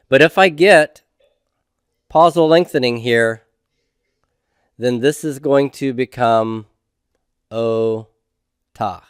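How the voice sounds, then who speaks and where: Middle-aged man, patient classroom lecturer, unhurried, dry recording. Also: medium pitch, clean tone, no echo. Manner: slow, methodical, checks in with "okay?". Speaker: Hebrew instructor.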